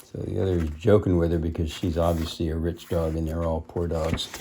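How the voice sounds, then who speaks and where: A man's voice: sits low, level tone, fairly quick, noisy background. A man reading a picture book aloud, stopping to explain the story in simple words. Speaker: storybook reader.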